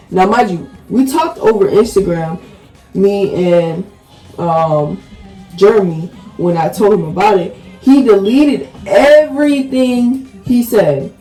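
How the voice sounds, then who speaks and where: A woman's voice: mid-range voice, mellow, poor audio. A young woman telling a casual storytime vlog, rambling along with lots of "like"s and restarts. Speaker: storytime vlogger.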